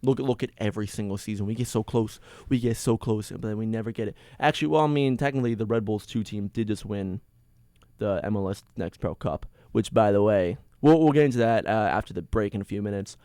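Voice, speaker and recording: A man hosting a sports podcast, ranting alone in an excitable, rambling way with many restarts. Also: on the low side, a little fast, dry recording, studio quality. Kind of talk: casual solo sports rant.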